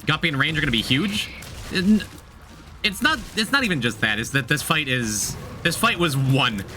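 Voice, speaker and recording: A man's voice: on the high side, lively intonation, moderate pace, bright, forceful tone, slight background noise. A man streaming a game, chatting casually, thinking aloud, repeating himself and talking to his chat. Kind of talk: casual gameplay commentary.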